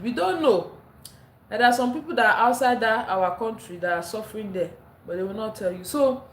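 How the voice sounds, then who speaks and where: A woman's voice: medium pitch, roomy sound, a little hiss or hum. A woman from Africa hosting a casual livestream, chatting and reading out viewer comments, laughing often. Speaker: livestream host. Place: indoors at home. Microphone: phone, later a clip-on mic.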